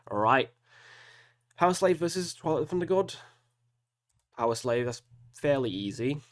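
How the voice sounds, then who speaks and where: A metal reaction host with a mid-range, slightly mellow voice gives casual solo commentary while picking albums. He works through the matchups, groaning about hard choices and poking fun at himself.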